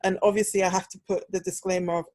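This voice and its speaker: A woman's voice: lowish voice, level tone, quick pace, darkish tone, no echo. A young British woman hosting a podcast, telling a story in casual chat and acting out the quoted dialogue. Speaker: podcast host.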